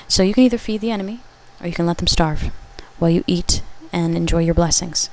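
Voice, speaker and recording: A woman with a slightly low voice talks viewers through a pick-a-card tarot reading. Her delivery is relaxed and chatty, with frequent "okay?" check-ins and quick self-corrections. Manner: conversational, frequent checks like "okay?", corrects herself mid-sentence. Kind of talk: pick-a-card collective reading, casual spoken.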